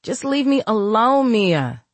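A woman plays a young woman sunk in grief, snapping bitterly and near tears. Her voice rises high and strained. The recording is dry and close. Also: sing-song, slow, dry recording, heavily acted. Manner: bitter, tearful.

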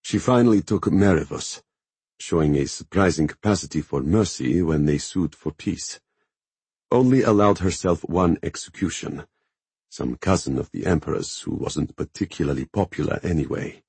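Brief: a man playing a measured revolutionary man in an audiobook, wry, very low and husky. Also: a little mellow, no room sound, exaggerated voice. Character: measured male revolutionary leader.

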